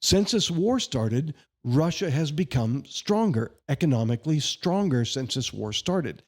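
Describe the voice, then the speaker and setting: Emphatic man with a mellow voice. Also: fairly high pitch, lively intonation, a little slow. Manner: emphatic, indignant and sarcastic; tells anecdotes in a chatty way. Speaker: congressional candidate. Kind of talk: podcast interview answers.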